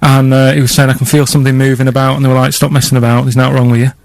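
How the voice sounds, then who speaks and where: A man in his thirties with a Northern English accent, telling a story in a deadpan, hesitant, rambling way on a comedy radio show. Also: mid-range voice, rapid-fire, gravelly, no room sound. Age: 30s.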